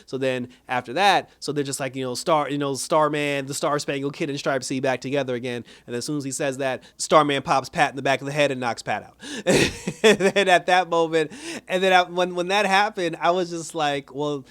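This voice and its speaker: A man casually recapping and reviewing a TV episode in a rambling, animated way, leaning on "like" and "you know.". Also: a little high, fairly quick, smooth, no room sound. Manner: rambling animated retelling, heavy filler "like".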